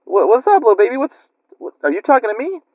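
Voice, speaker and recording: A man's voice: extremely high pitch, sing-song, fast, no room sound, voice pushed up, heavily acted. A man voicing a panicky drunk middle-aged uncle who talks in a frantic, startled way. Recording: lo-fi muffled recording.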